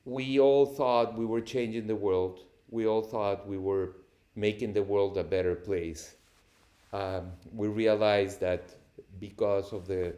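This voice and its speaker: A man, a cinematographer guest on a podcast, telling lively anecdotes with frequent laughter. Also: lowish voice. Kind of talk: storytelling interview answers.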